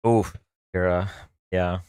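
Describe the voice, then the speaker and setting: A man's voice: deep voice, fairly even intonation, takes it slowly, darkish tone, clear, resonant tone, no echo, studio quality. A man hosting a livestream, telling a long casual story in a rambling way with many fillers and restarts. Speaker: livestream host.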